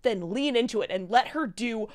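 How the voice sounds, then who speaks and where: A woman chats on a review panel in an animated, casual way. Her voice sits a bit high and moves up and down a lot. She leans on fillers as she talks. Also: normal speed. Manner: animated, frequent fillers and laughs. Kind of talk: casual group discussion.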